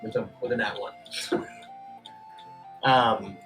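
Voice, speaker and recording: A man running a tabletop game as game master, talking in a relaxed, hesitant way with frequent ums. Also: fairly low pitch, slow pace, over music.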